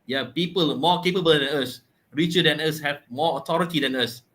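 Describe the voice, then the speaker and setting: A man's voice: on the high side, fairly quick, fairly bright tone. A man, explaining a Quran chapter in a casual podcast talk. He often halts and repeats words, and he uses everyday examples. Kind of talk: casual religious discussion.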